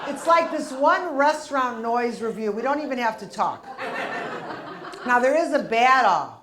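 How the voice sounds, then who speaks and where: A woman's voice: a little high, expressive, moderate pace, background noise. A middle-aged woman doing a stand-up routine, telling stories and acting out characters with big exclamations. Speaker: stand-up comedian.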